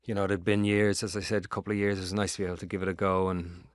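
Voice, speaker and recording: A middle-aged Irish actor in a casual interview, telling long rambling stories with lots of swearing. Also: male voice, low-pitched, racing, dry recording, studio quality. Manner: rambling, animated storytelling with swearing. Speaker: actor guest.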